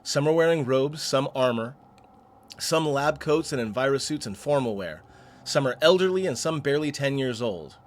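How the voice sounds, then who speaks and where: A man's voice: medium pitch, expressive, moderate pace. A man hosting a game playthrough, reading the story text aloud and breaking off for chatty asides. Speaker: let's play host.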